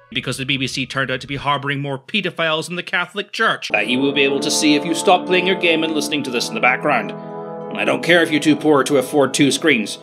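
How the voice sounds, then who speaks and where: A man's voice: medium pitch, expressive, fast talker, fairly bright tone, slightly rough, soft background music. A young man narrating a comedic history video with crude, sarcastic, mock-outraged humor. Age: young adult.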